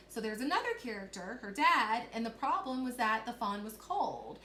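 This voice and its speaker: A woman teacher with a slightly high voice talks children through a reading lesson. She explains each step patiently and keeps checking that they follow along. Her voice carries a roomy echo over a faint hiss. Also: lively intonation, moderate pace, few pauses, pushed and bright.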